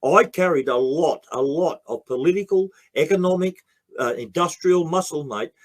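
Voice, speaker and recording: A man's voice: fairly high pitch, normal speed. An Australian man, a guest in a heated interview, speaking bluntly and emphatically with frequent swearing.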